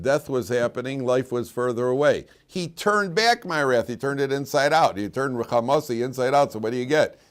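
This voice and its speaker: A man teaching a class as a rabbi, repeating his key lines for emphasis and telling stories. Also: medium pitch. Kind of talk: classroom lecture. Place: classroom with students.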